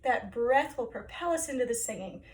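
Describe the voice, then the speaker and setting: A woman choir director guiding singers through breathing and vocal warm-up exercises, encouraging them step by step. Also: on the high side, lively intonation, moderate pace, recorded from a distance.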